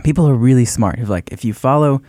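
Mellow, reflective man musing with many fillers. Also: mid-range voice, fast, dry recording, clean studio sound. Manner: reflective, hesitant, many likes and ums. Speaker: podcast co-host. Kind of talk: conversational faith discussion.

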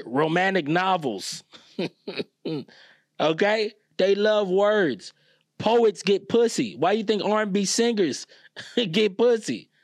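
A man riffs crudely through a casual podcast monologue. He talks in a joking, animated way and leaps up in pitch to stress a point. The sound is close and dry, with no room around it. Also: no echo. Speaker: podcast host.

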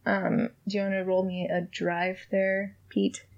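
A woman narrating a tabletop game as game master, relaxed and hesitant with many ums. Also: mid-range voice, unhurried, vocal fry, muffled recording.

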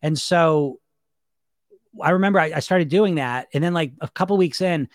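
On a casual live stream about weight loss, a man with a slightly high voice talks at a normal speed, animatedly voicing people's inner thoughts in changing tones. The sound is studio quality with no echo.

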